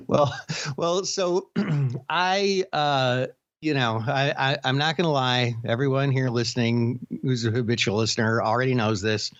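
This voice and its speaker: A man's voice: medium pitch, steady tone, measured pace, dry recording, lo-fi sound. A man co-hosting a casual podcast chat, telling stories with many restarts and fillers. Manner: rambling storyteller with many restarts. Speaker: podcast co-host.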